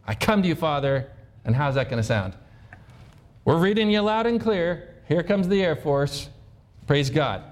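A man's voice: fairly high pitch, lively intonation, normal speed. A male pastor preaching a conversational sermon, asking the congregation questions and acting out sample prayers. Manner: acts out sample prayers in his own voice.

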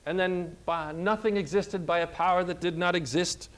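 A man's voice: high-pitched, steady tone, moderate pace, few pauses, a bit bright. A man preaching a sermon, emphatic, putting questions to his listeners and reading scripture aloud.

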